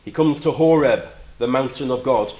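A man preaching a sermon, animated, moving between loud emphatic lines and quiet, reflective asides. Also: mid-range voice, moderate pace, roomy sound, low-quality recording.

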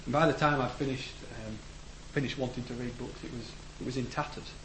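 A man preaching a sermon in a church, earnest, rising to emphatic declarations and letting phrase ends fall low. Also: fairly even intonation, fairly quick, fairly bright tone. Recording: echoey room with faint background noise.

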